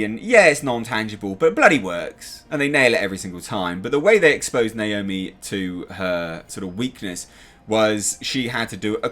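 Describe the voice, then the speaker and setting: An Englishman with a fairly low, slightly bright voice hosts a TV review channel. He's casual and animated, occasionally swearing and throwing in sound effects.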